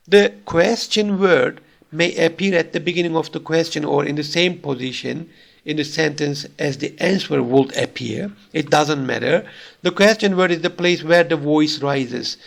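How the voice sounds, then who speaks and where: तुर्की लहजे वाला पुरुष प्राध्यापक, हल्की खरखराहट वाली थोड़ी ऊँची आवाज़, धैर्य से समझाता हुआ।. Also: male voice, on the high side, moderate pace, gravelly. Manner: explains patiently, switching between languages, with frequent fillers. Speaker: lecturer. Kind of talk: recorded university lecture.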